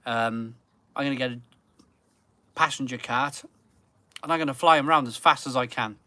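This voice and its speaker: A man's voice: mid-range voice, normal speed, pushed and bright, dry recording. A man hosting a beer channel live stream in casual chat from his garden, rambling and repeating phrases for emphasis. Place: home garden.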